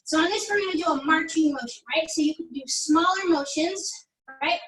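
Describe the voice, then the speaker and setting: A woman's voice: extremely high pitch, brisk, a bit bright. A woman leading a pilates workout class, chatty and encouraging as she counts down reps. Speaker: pilates instructor. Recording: echoey room, mic at a distance.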